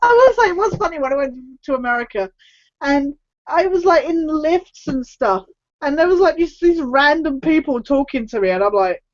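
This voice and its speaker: Woman co-host, giggly, high and very lively pitch, dry close sound, slightly lo-fi. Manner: giggly, quick to laugh. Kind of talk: casual chat.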